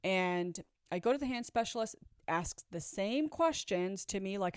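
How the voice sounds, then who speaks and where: A woman's voice: medium pitch, moderate pace, clear, resonant tone, dry recording, studio quality. A woman candidly telling her own story in a conversational, blunt way, sometimes swearing. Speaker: vlogger. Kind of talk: personal storytelling.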